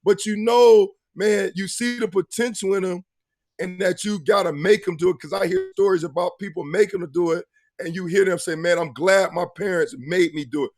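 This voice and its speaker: Man hosting a casual sports talk show, high-pitched, animated, slangy. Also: normal speed. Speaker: host.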